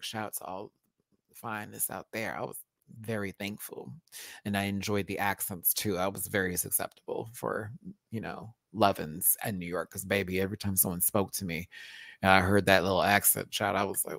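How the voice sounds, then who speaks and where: A man's voice: sits low, moderate pace, vocal fry, a bit bright, no echo. Sassy, campy man, dry close sound. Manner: sassy, campy, laughs often, playful slang. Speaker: host. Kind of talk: casual live-stream chat.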